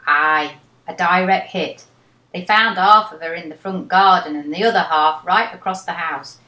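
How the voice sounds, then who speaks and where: Woman reading a sure-voiced dad from wartime, speaking with settled authority, fairly low and even. The sound carries a clear echo from the room around her. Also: normal speed. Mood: matter-of-fact. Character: wartime northern father, calm, authoritative. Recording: echoey room.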